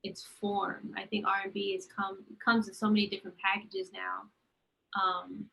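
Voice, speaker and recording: Gravelly and mid-range, this young woman's voice moves at normal speed on a rough recording. She's co-hosting a casual chat, telling stories with animation and performing the quoted lines.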